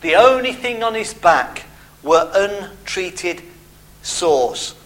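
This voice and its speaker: A middle-aged man delivers a sermon in a fairly high, bright voice. He preaches expressively, stressing key words, pausing for effect and dropping in personal asides. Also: lively intonation, rough recording. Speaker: pastor.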